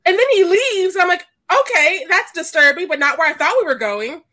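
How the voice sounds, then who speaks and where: A woman co-hosting a podcast, chatting casually about a film, animated and quick to laugh as she acts out lines. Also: extremely high pitch. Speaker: podcast co-host. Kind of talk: casual chat.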